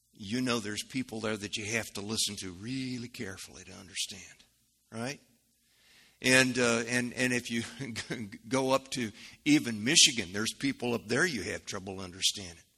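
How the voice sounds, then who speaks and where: Midwestern man preaching a sermon, explains things in a folksy, chatty way, with a piercing, breathy tone. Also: medium pitch, pushed and bright. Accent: Midwestern American. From American Midwest. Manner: explanatory and conversational, with folksy asides. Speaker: Bible teacher.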